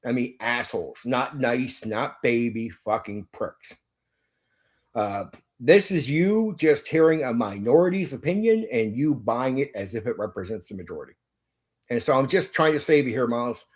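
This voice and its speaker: A man's voice: medium pitch, animated, normal speed. A middle-aged man, host of a tabletop game channel, ranting in blunt, profane casual talk and repeating himself. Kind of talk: casual opinion rant to a viewer.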